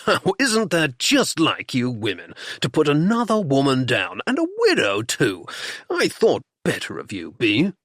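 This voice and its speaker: A man voicing a blustering, jocular middle-aged aristocratic duke in an audiobook, gruff and clipped. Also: mid-range voice, animated, normal speed, dry recording, clean studio sound, close to an everyday voice.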